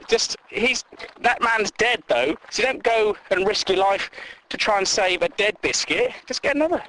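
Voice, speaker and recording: A man's voice: sits high, pushed and bright, slight background noise, rough recording. A man hosting a comedy show, ranting in a mocking, incredulous way and acting out silly voices. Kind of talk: comic rant on news items.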